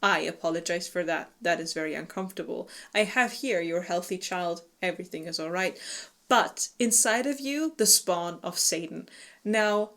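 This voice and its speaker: A woman doing a calm, formal goddess. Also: on the low side, moderate pace. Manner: paraphrased retelling, loose and joking.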